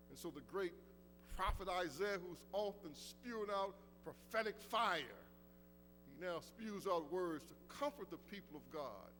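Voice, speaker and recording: Male preacher, high voice, swells and drops at phrase ends, reverberant sanctuary. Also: a bit bright, slight background noise. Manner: preaching with rising emphasis and dropping low at phrase ends; reads scripture aloud slowly and deliberately. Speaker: pastor. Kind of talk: sermon.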